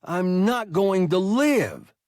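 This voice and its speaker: A man voicing an injured young male pilot, bitter and hysterical, in a thin, high, whining voice with shrill outbursts. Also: very animated, slow, a little mellow, no echo, studio quality, heavily acted.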